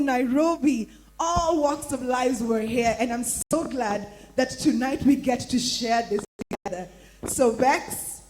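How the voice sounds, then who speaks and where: A woman hosting a live poetry event, announcing with lively enthusiasm. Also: sits high. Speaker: event host. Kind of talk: hyping up a live crowd.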